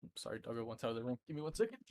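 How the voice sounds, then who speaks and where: A man's voice: medium pitch, very animated, racing, darkish tone, dry recording, studio quality. A man in his twenties chatting casually on a live stream from home, rambling and often breaking into laughter. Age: 20s. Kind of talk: casual chat. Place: indoor room at home.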